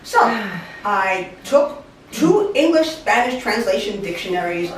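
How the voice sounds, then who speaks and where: A woman's voice: mid-range voice, unhurried, a little hiss or hum. A Puerto Rican woman in her forties telling a comic story live on stage, acting out the voices of the people in it. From Puerto Rican family. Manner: animated, comic, acts out quoted voices. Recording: echoey room, mic from a distance.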